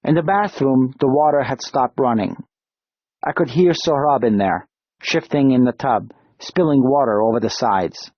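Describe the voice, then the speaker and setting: A man reading an audiobook in a calm, measured narration. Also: mid-range voice, dry recording. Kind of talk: scripted narration. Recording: dull, dry lo-fi studio read.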